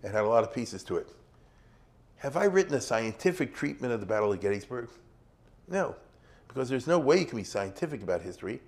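A man's voice: mid-range voice, very animated, fast talker, gravelly, long pauses, a little mellow. A middle-aged man giving a casual history lecture, keeps checking in with his students and acting out small examples. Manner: conversational, checks in with "you see?" and "you get it?".

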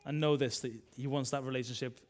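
A man, a minister preaching a sermon in a chatty style, full of tag questions and swings between loud and soft. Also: medium pitch, steady tone, quick pace.

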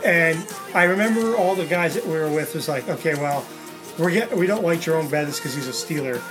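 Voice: medium pitch, fairly quick, music in the background. A co-host in casual chat, recounting the events of a day at length in a conversational way.

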